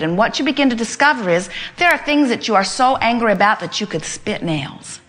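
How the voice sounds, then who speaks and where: A woman's voice: fairly high pitch, expressive, moderate pace, few pauses, fairly bright tone. A woman giving a motivational talk to a live gathering. She speaks emphatically as "we", repeats her points and builds long step-by-step lists. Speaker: inspirational speaker.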